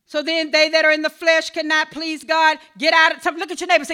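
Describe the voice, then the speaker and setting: A woman pastor delivers a sermon in a high, bright voice. She tells everyday stories softly, then rises to shouted exhortation. She sounds middle-aged and speaks with a preacher's call-and-response rhythm. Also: flat delivery, a little fast. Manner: preaching with swings between soft storytelling and shouted exhortation.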